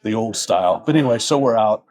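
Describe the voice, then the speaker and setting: A man's voice: lowish voice, lively intonation, fast, a little mellow. A middle-aged man, a police officer, telling a casual story from his early years on the job in a dry, easygoing way, acting out both sides of the exchange. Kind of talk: casual anecdote.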